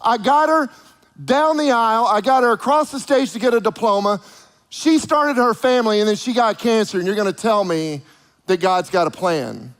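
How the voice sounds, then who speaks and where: A man preaching a sermon in an animated way, acting out the voices of the people he quotes. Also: sits high, moderate pace, big-room sound.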